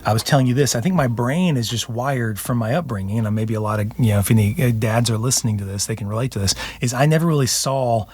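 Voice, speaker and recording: A man's voice: mid-range voice, fast talker, hardly any pauses, darkish tone, husky. A middle-aged man and counselor co-hosting a podcast, talking candidly and reflectively with frequent restarts. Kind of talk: casual conversation.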